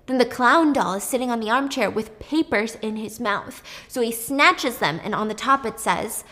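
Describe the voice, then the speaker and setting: A young woman casually retelling a plot in an animated, chatty way, swearing now and then. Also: fairly high pitch, moderate pace, hardly any pauses.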